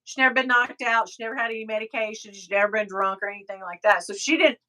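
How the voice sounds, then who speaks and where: A woman's voice: fairly high pitch, quick pace, bright, forceful tone. A middle-aged woman hosting a live stream, chatting casually, telling stories and reading out viewer comments. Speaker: livestream host.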